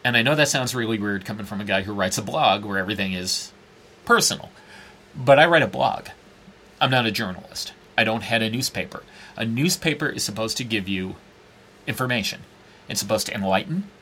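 Bright-voiced blunt blogger man. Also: a little hiss or hum. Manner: blunt, profane, mimics others in a high mocking voice. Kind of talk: animated casual talk.

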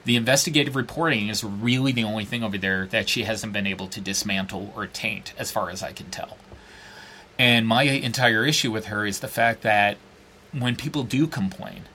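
A man's voice: fairly low pitch, sharp tone, slight background noise. A man, a blogger, talking casually and bluntly, swearing and mimicking others in a mocking voice. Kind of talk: animated casual talk.

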